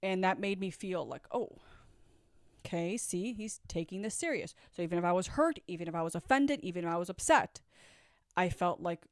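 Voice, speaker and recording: Deep-voiced woman telling her story. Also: expressive, moderate pace, no echo, studio quality. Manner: candid, reflective, acts out quoted dialogue. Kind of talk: storytime vlog.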